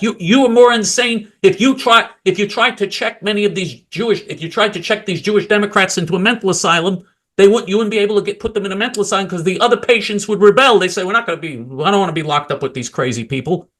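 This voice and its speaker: A male political commentator ranting angrily and mockingly, swinging from loud outbursts to low mutters. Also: lively intonation, fast.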